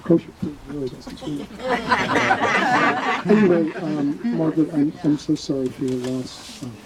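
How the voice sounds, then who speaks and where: A man from New York with a New York accent, speaking at a neighbor's funeral, halting and lightly joking. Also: fairly high pitch, a loud crowd, rough recording. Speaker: neighbor giving a eulogy.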